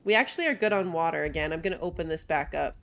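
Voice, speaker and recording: A woman with a deep, creaky, slightly bright voice talks rapid-fire and animated over faint music. Streaming a city-building game, she chats casually with viewers, reads their messages aloud and laughs often.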